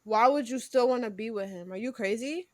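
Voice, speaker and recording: A woman's voice: a little high, darkish tone. A young woman co-hosting a podcast, rambling casually with lots of "like" in between. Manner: rambling with lots of "like", quick laughs. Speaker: podcast co-host. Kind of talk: casual chat.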